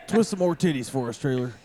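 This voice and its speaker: A man's voice: fairly high pitch, big pitch swings, normal speed, a little hiss or hum. A man co-hosting a podcast in casual group chat, laughing often. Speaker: podcast co-host.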